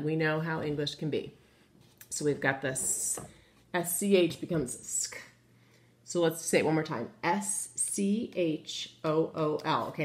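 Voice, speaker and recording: A woman teaching a children's phonics lesson, patient and encouraging, asking the class questions as she writes on the board. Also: low-pitched. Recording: echoey room.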